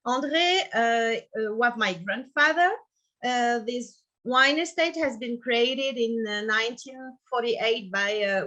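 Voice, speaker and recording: A woman's voice: a little high, fairly bright tone, lo-fi sound. A woman winemaker with a French accent presenting her estate over a video call, careful and a little apologetic about her English. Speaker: wine producer.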